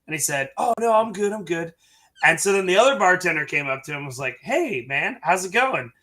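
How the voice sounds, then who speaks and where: A man's voice: high voice, expressive, fairly quick, sharp tone. A man co-hosting a live stream, telling bar stories in casual chat and laughing as he goes. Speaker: bartender and co-host. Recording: live stream call audio.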